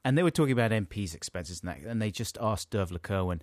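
This is a man in relaxed comedic chat, his voice swooping up and down with lively energy. He reads letters aloud and keeps breaking into laughter. The sound is close and dry, with no room around it. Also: lowish voice, fast, no echo. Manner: playful, giggly, reads listener letters. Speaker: podcast co-host.

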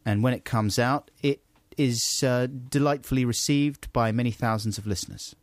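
A man co-hosting a comic radio show, telling stories in an animated way and laughing often. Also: medium pitch, normal speed, no echo. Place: radio studio.

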